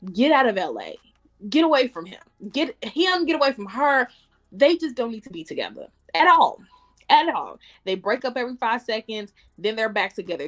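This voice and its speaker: A woman's voice: mid-range voice, a bit bright. A woman co-hosting a casual podcast, blunt and profane, often laughing. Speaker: podcast co-host. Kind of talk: casual chat.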